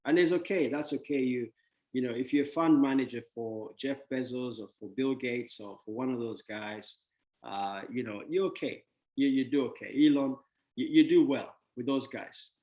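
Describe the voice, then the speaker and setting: A man's voice: medium pitch, normal speed, a little mellow, reverberant, dull audio. A man giving a motivational talk on money, playful with wordplay and laughs, then blunt and dismissive.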